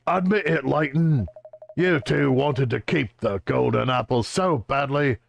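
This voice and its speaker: A man's voice: mid-range voice, measured pace, vocal fry, no echo, voice pushed up. A man voicing a bullying middle-aged male police inspector from a video game, accusing and sneering.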